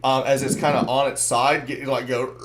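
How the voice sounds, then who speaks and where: A man's voice: mid-range voice, little pitch movement, normal speed, slight background noise. A man narrating as game master of a tabletop game, rambling with many "um"s and restarts.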